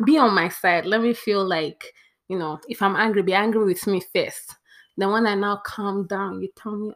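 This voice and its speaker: A woman's voice: medium pitch, steady tone, normal speed. Chatty young woman vlogger. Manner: chatty, playful, counts off a list. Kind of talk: casual talk to camera.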